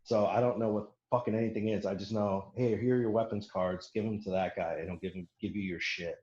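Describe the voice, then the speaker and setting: A young man spins a profane, laughing story for his podcast co-hosts, jumping into loud impressions of the people he met. His voice sits on the low side. The recording is roomy and a little dull, like a lo-fi home setup. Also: quick pace, slight background noise. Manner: profane, laughing, quotes others in animated bursts. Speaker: podcast co-host telling a story. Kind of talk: casual storytelling chat.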